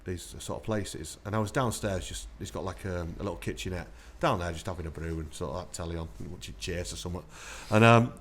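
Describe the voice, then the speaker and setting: A man tells war-veteran anecdotes in a relaxed interview, chatty and quick. His voice sits on the low side, and he laughs through his stories. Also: slight background noise. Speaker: army veteran guest. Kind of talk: casual storytelling interview.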